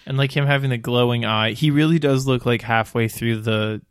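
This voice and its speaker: A man's voice: mid-range voice, steady tone, a little fast, smooth, no room sound, clean studio sound. A young man explaining comic-book lore on a podcast, rambling with lots of "like" fillers. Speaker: podcast panelist. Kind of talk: casual movie discussion.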